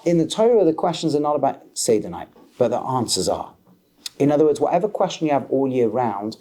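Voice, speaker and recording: A man teaching a lively class as a rabbi, questioning his students and mixing Hebrew terms into English. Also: a little high. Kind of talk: lively Torah class lecture.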